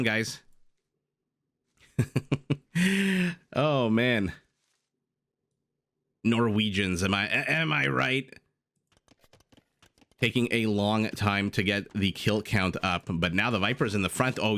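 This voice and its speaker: A man's voice: on the low side, fairly bright tone. A young man giving playful, self-deprecating live commentary on a strategy game, with jokey asides. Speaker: game caster.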